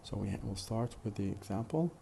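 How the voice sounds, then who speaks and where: A man's voice: fairly low pitch, lively intonation, brisk, creaky, warm tone, a little hiss or hum. A man teaching a phonetics lesson in a methodical way, with many fillers and repeated examples. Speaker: phonetics lecturer. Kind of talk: recorded lecture.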